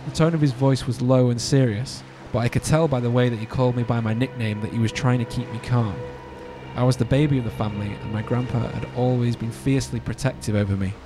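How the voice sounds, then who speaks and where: A man's voice: mid-range voice, fast talker, music in the background. A man hosting a podcast, reading a spooky story aloud with joking asides. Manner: animated, joking asides between narration. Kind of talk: casual storytelling read-aloud.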